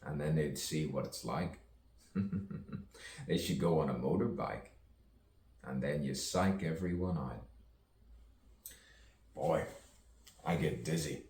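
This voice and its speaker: A man with a very low, deep voice drifts through a slow, free-associating monologue, playing with rhymes and chuckling at his own lines. He sounds like he's sitting well back from the mic in an echoey room, with a faint hum of background noise. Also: a little mellow, distant mic. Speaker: poet. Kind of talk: rambling stream-of-consciousness monologue.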